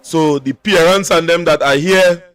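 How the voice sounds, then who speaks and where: A man's voice: on the high side, a little slow, fairly bright tone, slight background noise. A man with a Trinidadian accent hosting a commentary show, addressing viewers in a dramatic, insistent way. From Trinidad and Tobago. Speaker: show host. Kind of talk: emphatic commentary.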